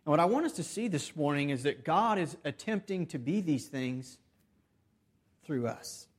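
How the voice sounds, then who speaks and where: A man preaching a sermon earnestly, with restarts and repeated phrases, swinging between loud emphasis and soft, hushed stretches. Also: a little high, animated, normal speed. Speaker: pastor.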